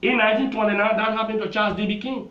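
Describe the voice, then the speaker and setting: A Liberian lawmaker makes an emphatic, repetitive political argument in a television interview. His voice sits high with fairly even intonation and a rapid-fire pace, and the TV audio sounds roomy and dull.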